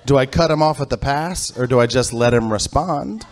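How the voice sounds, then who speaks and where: A middle-aged man working a comedy club stage through a handheld mic, his voice sitting in an ordinary middle register. He tells his story in a steady conversational way, then pushes into loud, animated punchlines. Faint room noise runs under the recording. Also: medium pitch, normal speed. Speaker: stand-up comedian. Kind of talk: stand-up comedy set.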